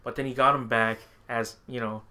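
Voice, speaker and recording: A man's voice: mid-range voice, little pitch movement, moderate pace, pushed and bright. A young man co-hosting a podcast in casual chat, rambling and laughing often as he quotes movie lines. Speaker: podcast co-host.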